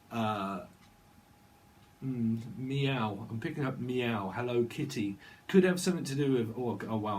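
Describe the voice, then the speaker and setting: A man's voice: medium pitch, slight background noise. A man giving a channelled tarot reading, rambling and free-associating, laughing now and then. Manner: rambling, free-associating, sings snatches of songs. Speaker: tarot reader.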